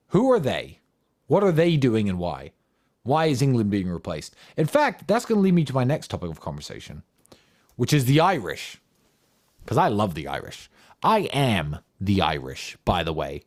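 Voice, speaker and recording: A man's voice: medium pitch, a little mellow. A man giving an impassioned, combative monologue in answer to audience questions, firing off rhetorical questions and swearing for emphasis.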